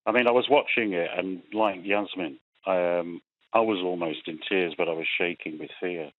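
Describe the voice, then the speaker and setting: Low-voiced male caller on a phone line. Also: normal speed, a little hiss or hum. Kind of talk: phone-in call.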